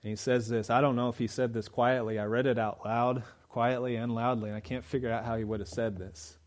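A middle-aged man preaching a sermon, swinging between loud urgent emphasis and low, quiet storytelling. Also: flat delivery, brisk.

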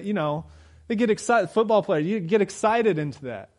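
Fervent preacher with a raised voice. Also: male voice, animated, normal speed. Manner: swings from loud urgent emphasis to low quiet storytelling. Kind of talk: sermon.

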